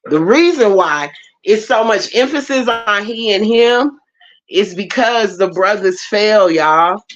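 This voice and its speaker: A woman preaches a sermon in a mid-range, animated voice at a slow pace, recorded in lo-fi. She's emphatic, repeats phrases, and addresses the congregation directly.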